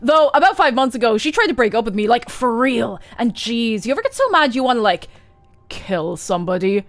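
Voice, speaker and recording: A woman voicing a chatty, clueless young man who rambles loudly and gleefully. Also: a little high, expressive, brisk, soft background music. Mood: rambling.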